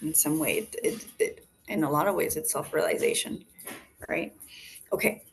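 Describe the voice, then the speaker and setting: A woman leading a face yoga class over a video call, giving calm step-by-step cues and counting breaths. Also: deep voice, moderate pace, vocal fry. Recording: video call audio with faint background noise.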